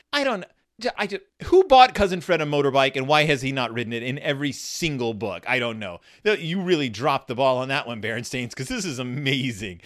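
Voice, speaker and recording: A man's voice: a little high, a bit bright. A man in his forties giving a chatty, amused review of a children's picture book, full of rambling asides. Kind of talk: casual book commentary.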